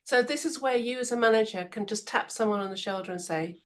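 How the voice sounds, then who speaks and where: A woman's voice: fairly high pitch, quick pace. A woman giving management advice in a conversational way, telling stories and acting out what people said. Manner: lively storyteller, acts out quotes, frequent laughs. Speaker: podcast guest expert on management.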